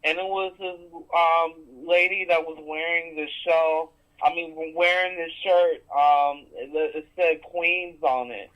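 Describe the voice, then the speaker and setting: Male caller, slightly high voice, blunt, slangy, dull lo-fi phone line. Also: steady tone, takes it slowly, hardly any pauses. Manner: blunt, outspoken, casual slang. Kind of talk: casual call-in chat.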